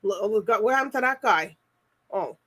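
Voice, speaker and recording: A woman's voice: medium pitch, expressive, a little fast, a bit bright. A woman hosting a TV talk show, chatting with her guest and often repeating herself. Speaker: TV show host. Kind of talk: casual interview chat.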